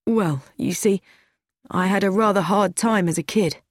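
A woman's voice: mid-range voice, normal speed, no room sound, clean studio sound, lightly acted. A woman reading an audiobook, voicing a sad, anxious young man who pleads and pities himself. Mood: pleading. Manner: pleading, self-pitying.

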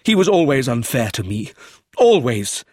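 A man voicing a cold, jealous middle-aged father with a rough, bitter way of speaking in a storybook reading. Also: mid-range voice, moderate pace, no room sound, studio quality, lightly acted.

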